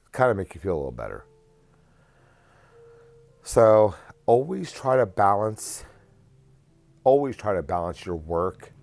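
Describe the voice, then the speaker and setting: A man's voice: low-pitched, vocal fry, a little mellow. A man giving casual, earnest advice in a rambling rant that often repeats and restarts phrases. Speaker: vlogger.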